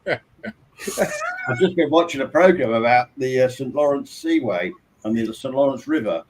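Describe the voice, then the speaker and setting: A man's voice: medium pitch, expressive, moderate pace, a little mellow, a little hiss or hum, low-quality recording. A man chatting casually as a co-host with a dry, joking manner. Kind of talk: casual chat.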